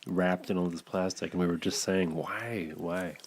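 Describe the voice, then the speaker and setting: A man co-hosting a casual podcast, tossing out dry deadpan jokes and quick laughs. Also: low voice, a little hiss or hum. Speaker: podcast co-host. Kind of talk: casual chat.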